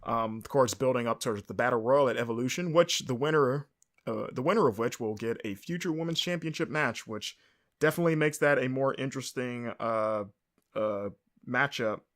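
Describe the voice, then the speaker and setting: A man hosting his own podcast, talking through the episode on his own at a mid pitch. He rambles freely, piling up fillers and correcting himself as he goes, in a relaxed, casual way. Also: normal speed. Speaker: podcast host. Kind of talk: casual solo show recap.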